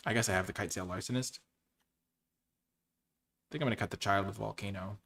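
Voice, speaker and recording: Low, bright-toned man thinking aloud. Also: fast talker, gravelly, slight background noise. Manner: thinks aloud, weighing choices, with bursts of excitement. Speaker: card game streamer. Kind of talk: casual commentary while drafting.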